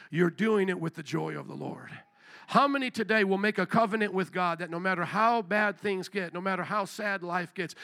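A middle-aged man preaches with a high, bright voice that carries a gravelly edge. His sermon is candid and conversational, swelling and easing in intensity as he talks to the congregation. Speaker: pastor.

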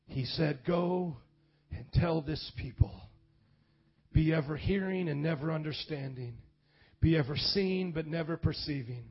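A man preaching a sermon and reading scripture aloud, dramatic, swinging from loud calls to quiet low reading. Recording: dull lo-fi sound with faint music.

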